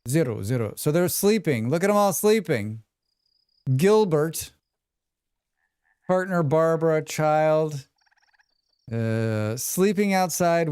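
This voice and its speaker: Man, American accent, casual game streamer, rambling, smooth clear voice, slightly high. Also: a little mellow. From United States. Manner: chatty, rambling asides to chat, reads tutorial text aloud. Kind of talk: casual live gameplay commentary.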